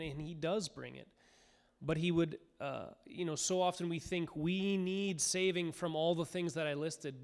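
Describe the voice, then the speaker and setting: Preacher man with a clear voice in a reverberant hall. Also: a little high. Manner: earnest, rising to fervent cries when voicing the crowd. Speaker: pastor. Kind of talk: sermon.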